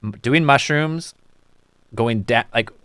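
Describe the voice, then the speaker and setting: Smooth-voiced man, excited and halting. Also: medium pitch, dry recording, studio quality. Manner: excited, halting, lots of fillers. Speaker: podcast co-host. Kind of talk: casual chat.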